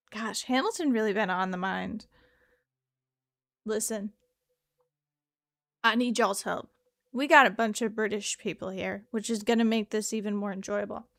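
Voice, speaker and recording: Girl streaming a detective game, higher voice, chatty and jokey. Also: a bit bright. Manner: chatty, joking, laughs often. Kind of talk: casual gameplay commentary.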